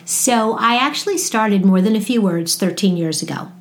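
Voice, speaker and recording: Woman, Brooklyn accent, from New York, upbeat chatty storytelling, middle pitch. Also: animated, moderate pace. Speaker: podcast guest, marketing educator. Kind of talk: casual interview chat.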